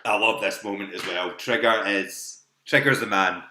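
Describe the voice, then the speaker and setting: Man, quiz host, bright tense voice, repeats questions, laughs a lot, echoey home room. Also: on the low side, steady tone, moderate pace, few pauses. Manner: chatty, repeats questions and options, laughs often. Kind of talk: live-streamed pub quiz hosting.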